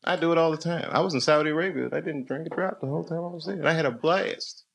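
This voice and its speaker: A man's voice: a little high, fast talker, gravelly, fairly bright tone. A man doing stand-up crowd work on a comedy club stage, telling loose stories with lots of laughter and swearing. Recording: live club recording with crowd noise.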